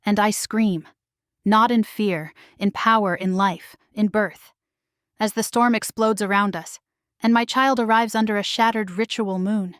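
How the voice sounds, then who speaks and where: A woman's voice: mid-range voice, fairly even intonation, measured pace, no room sound, studio quality. A woman narrating a first-person romance audiobook in a dramatic, intimate storytelling manner.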